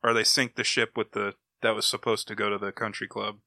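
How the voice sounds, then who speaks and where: A man's voice: lowish voice, flat delivery, fairly quick, sharp tone, no echo. A man hosting a comic book podcast, casually retelling plots in a rambling, enthusiastic way. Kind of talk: casual chat, recapping comics.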